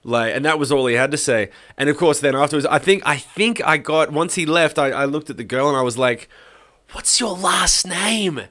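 A man's voice: a little high, fast talker, few pauses, fairly bright tone. A middle-aged man on a podcast, casually telling a rambling story and often restarting his sentences. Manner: rambling, self-interrupting anecdotes. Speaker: podcast host.

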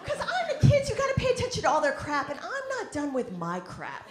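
A woman's voice: high-pitched, huge pitch swings, brisk, hardly any pauses, a loud crowd. A woman performing a stand-up routine in a comedy club, with a wry, self-deprecating delivery. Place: comedy club in New York. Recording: roomy club recording with audience noise.

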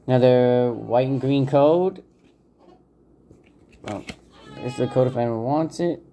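A man hosting a casual card-pack opening video, talking in a relaxed, hesitant way with frequent fillers and unsure pronunciations. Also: medium pitch, measured pace, a little hiss or hum. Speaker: channel host opening trading card packs. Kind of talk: casual unboxing commentary.

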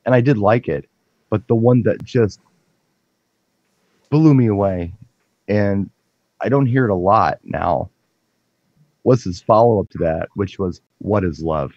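A man's voice: lowish voice, unhurried, pauses often, a little mellow, dry recording. A man, a DJ taking part in a casual music chat, who speaks in an easygoing, thoughtful way. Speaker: DJ and guest. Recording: dull, lo-fi dry sound.

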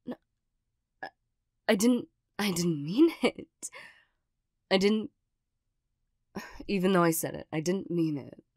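A woman's voice: lowish voice, expressive, slow pace, pauses often, darkish tone, dry recording, studio quality, exaggerated voice. A woman playing a stammering tsundere girlfriend, whispered role-play. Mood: flustered. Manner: hesitant and stammering, with nervous little laughs. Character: awkward tsundere young girlfriend, gruff but loving. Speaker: ASMR role-play performer.

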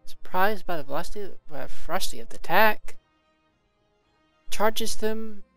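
A man's voice: high-pitched, lively intonation, normal speed, vocal fry, sharp tone, no room sound, faint music behind, poor audio. A man commentating a video game, reading its combat log aloud and adding casual remarks. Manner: reads game text aloud with casual asides. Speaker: let's play commentator.

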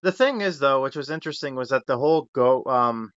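An enthusiastic man rambles through casual podcast chat, full of fillers and restarts. His voice is bright and forward. The recording is dry, dull and lo-fi. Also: mid-range voice, expressive, a little fast, dry recording. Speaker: podcast host.

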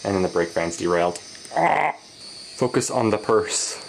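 Woman hobby animator, casual commentary, dry joking tone, animated pitch. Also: normal speed, vocal fry, slight background noise. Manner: wry, joking asides to herself. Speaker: stop-motion hobby animator. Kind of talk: casual behind-the-scenes commentary.

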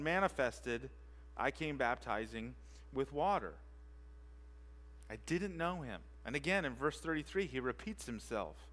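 A man who is a pastor, preaching a sermon with emphatic repetition and rhetorical questions, moving between quiet and loud for emphasis. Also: a little high, lively intonation, normal speed. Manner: emphatic, repeats key phrases and asks rhetorical questions. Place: church sanctuary.

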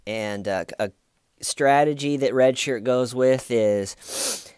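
A man's voice: medium pitch, slow, a little mellow, clear, resonant tone, dry recording, studio quality. A man casually commenting on a true crime case in a chatty, sarcastic, rambling way.

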